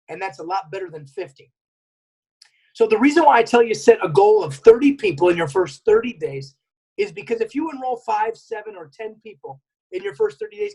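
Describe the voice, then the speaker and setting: Male seminar presenter, husky tone, energetic, drives points home by repetition. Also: very high-pitched, poor audio. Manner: energetic, repeats key points, acts out remembered dialogue. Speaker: network marketing workshop presenter. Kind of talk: seminar talk.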